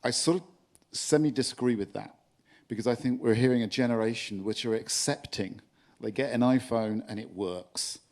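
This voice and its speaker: A man's voice: mid-range voice, moderate pace. An older man with a London accent, speaking bluntly and with animation as a panelist at a conference. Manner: blunt, animated, laughs at himself. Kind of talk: panel discussion. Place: conference stage with live audience.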